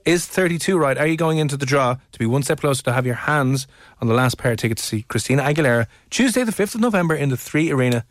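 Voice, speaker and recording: A man's voice: mid-range voice, lively intonation, fast, no echo, clean studio sound. A man hosting a radio show, teasing and joking with callers. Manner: teasing, jokey. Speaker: radio host. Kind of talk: casual radio chat with callers.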